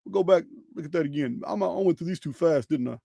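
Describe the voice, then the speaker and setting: A man presents slides in a loose, emphatic way, piling up rhetorical questions and restarting phrases as he goes. His voice is fairly high and gravelly, with a dark, mellow tone. The sound is dry and close. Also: fast, no room sound. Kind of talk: casual presentation over slides.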